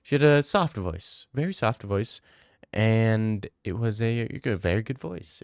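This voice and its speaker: A man's voice: lowish voice, lively intonation, measured pace, gravelly, no echo, clean studio sound. A young man streaming casually, answering viewer messages in a crude, rambling, joking way.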